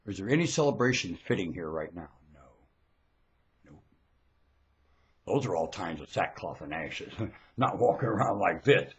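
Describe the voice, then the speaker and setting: A man delivering a preachy, ranting monologue into a webcam microphone, lurching between muttering and shouting. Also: low voice, animated, moderate pace, long pauses.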